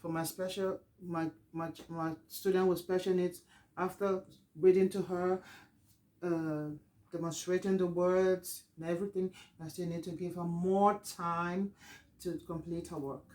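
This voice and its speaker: A teacher presenting a lesson plan in a halting, explanatory way, pausing to gather their thoughts. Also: medium pitch, flat delivery, a little mellow, rough recording.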